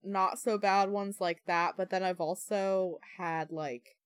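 A woman's voice: on the low side, fairly even intonation, slow pace, smooth, no room sound, studio quality. A young adult woman in casual chat, telling anecdotes frankly with many "like" fillers.

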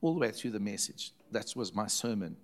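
A man's voice: fairly low pitch, very animated, fairly quick. A man, a preacher, earnestly recounting a story as a testimony and repeating phrases for emphasis.

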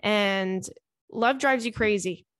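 A woman's voice: medium pitch, slow pace, fairly bright tone, no echo. A woman hosting an advice podcast, reading a listener's letter aloud and then answering it in a chatty, earnest way with many fillers. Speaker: podcast host giving advice.

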